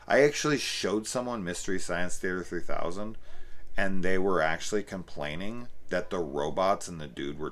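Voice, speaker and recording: A man's voice: sits low, a bit bright. A man giving a casual, rambling movie review, with frequent swearing and bursts of enthusiasm. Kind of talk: casual unscripted review talk.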